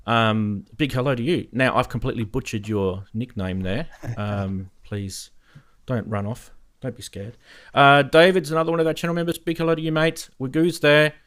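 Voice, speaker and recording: Chatty male live-stream host. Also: medium pitch. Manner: chatty and jokey, laughs often, with fillers. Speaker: host of a live synthesizer show. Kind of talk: casual live-stream chat, greeting viewers.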